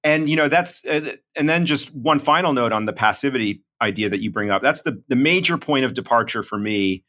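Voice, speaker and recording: A middle-aged man talking through a podcast discussion in a measured, analytical way, with many fillers. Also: medium pitch, animated, sharp tone. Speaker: reporter and podcast co-host.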